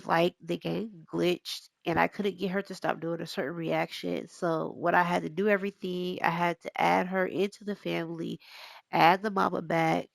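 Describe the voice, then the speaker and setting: Stuffy-nosed woman host of a gaming channel, slow and gravelly, casual rambling commentary. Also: lowish voice, no echo. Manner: rambling, relaxed, with fillers. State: stuffy nose. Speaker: gaming YouTuber.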